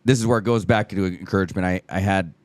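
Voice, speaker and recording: A man's voice: low-pitched, fairly even intonation, quick pace, dry recording. A middle-aged man, a fitness coach, telling an emphatic story in a casual podcast conversation, with frequent swearing. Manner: emphatic storytelling, profanity, acted-out quotes.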